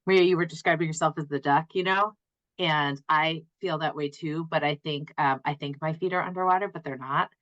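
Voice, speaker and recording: A woman's voice: low-pitched, steady tone, brisk, fairly bright tone, highs cut off. A woman guest on a podcast, a mother, chatting casually in a bubbly way, laughing often and using lots of fillers. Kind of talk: casual chat.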